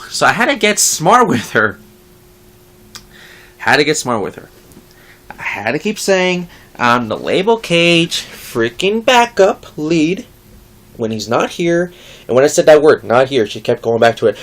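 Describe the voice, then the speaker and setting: A young adult vlogger letting off steam at a home mic in a casual rant. The pitch leaps up and down, and the curses come thick. Now and then the voice mocks people it is annoyed at. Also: measured pace. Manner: animated, swears a lot, mocks others.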